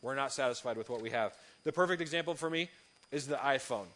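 A man, a youth pastor, giving a sermon full of lively, funny personal stories. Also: medium pitch, fast. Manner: lively storytelling, animated and humorous.

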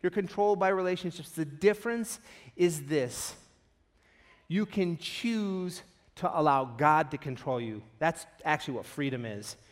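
Guy preaching a sermon, tells a story and does all the voices, kinda high voice. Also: measured pace. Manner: animated storytelling, acts out quoted voices. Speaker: pastor.

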